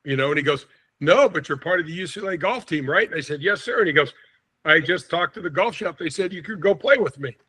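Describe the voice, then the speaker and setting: A man in his sixties from St. Louis, a podcast guest telling an animated anecdote and acting out the quotes. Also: fairly high pitch, quick pace, husky. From St. Louis, USA. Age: 60s. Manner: lively storyteller, acts out quotes, chuckles often.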